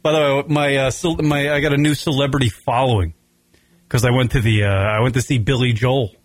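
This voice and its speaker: On his laid-back comedy radio program, this host from Long Island, New York swears and wanders off on tangents while telling stories with animation. He talks a little fast at a medium pitch, and there's no echo.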